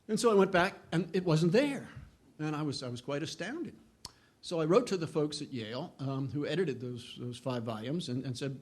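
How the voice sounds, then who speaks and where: Man, middle-aged lecturer, earnest, stumbles and restarts, pitched a bit high, rises when quoting. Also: expressive, fast. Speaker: historian giving a lecture. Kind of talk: public lecture.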